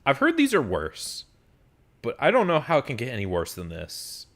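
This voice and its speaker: A man's voice: mid-range voice, moderate pace. A man giving a casual film review monologue, ranting and swearing freely with lots of fillers. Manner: animated, profane ranting with frequent fillers.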